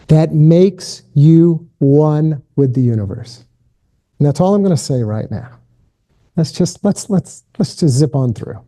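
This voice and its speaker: A middle-aged man giving a keynote as a spiritual director, leading guided contemplative prayer and then a lecture in a gentle, invitational, self-deprecating way. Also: fairly high pitch.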